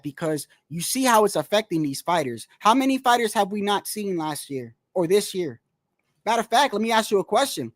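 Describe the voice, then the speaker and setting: A man's voice: high-pitched, no echo, clean studio sound. A man talking casually about boxing in a rambling, slangy, profane way. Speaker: boxing commentator. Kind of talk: casual solo boxing talk.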